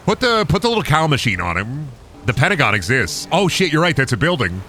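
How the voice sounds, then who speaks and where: A young man talks over a horror game he is streaming, tossing out crude, rambling jokes. His pitch jumps around a lot and his tone is bright and forward. It is a casual let's play commentary. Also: sing-song, brisk. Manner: joking, crude, rambling riffs.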